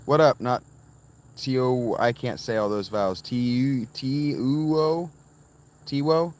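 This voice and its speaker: A man's voice: mid-range voice, steady tone, slow pace, darkish tone. A man casually chatting on a livestream from inside a tent, answering viewers in the chat by name. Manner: rambling, answers chat viewers by name, sudden sing-song chanting. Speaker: livestream host reading chat.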